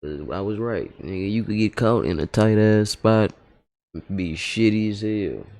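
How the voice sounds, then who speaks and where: A man's voice: fairly low pitch, unhurried, a little mellow. A man hosting a livestream reaction, talking in loose, profane, joking banter. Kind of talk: casual reaction commentary.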